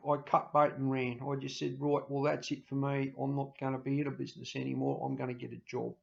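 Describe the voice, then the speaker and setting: A middle-aged man, rambling emotionally to camera in a farewell vlog, breaking into loud mimicry and laughter. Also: medium pitch, vocal fry. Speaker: YouTuber signing off. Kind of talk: casual personal talk to camera. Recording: dull lo-fi home recording.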